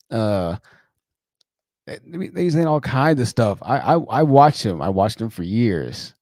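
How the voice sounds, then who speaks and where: A male livestream host who chats and spins stories with animated energy. His voice sits low and mellow, and his pitch swings widely. The sound is dry and close. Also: fairly quick, no room sound. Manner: animated, chatty, laughs at his own stories. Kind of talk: livestream commentary and storytelling.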